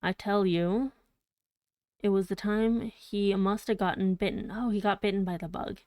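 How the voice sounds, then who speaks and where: A woman reading the lines of a worried old male servant who speaks in a halting, rambling way. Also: medium pitch, fairly even intonation, a little mellow, no echo, natural voice. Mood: insistent. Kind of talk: audiobook reading.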